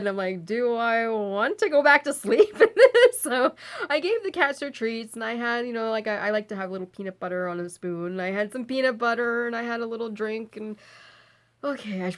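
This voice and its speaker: A woman vlogger casually telling a personal story, animated, laughing often and swearing as she recounts her fear. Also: on the high side, fairly quick.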